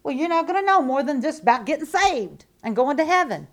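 A woman preaches a sermon in a fairly high voice, very animated and a little fast. She is emphatic and repetitive, swinging between loud declarations and hushed asides in a folksy, conversational style full of rhetorical questions.

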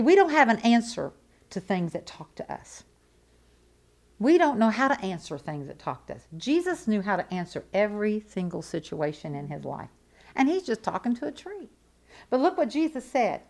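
Emphatic, fairly high-voiced woman preaching a sermon. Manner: emphatic, repetitive, swinging between loud declarations and quiet asides; conversational and folksy, with restarts and rhetorical questions.

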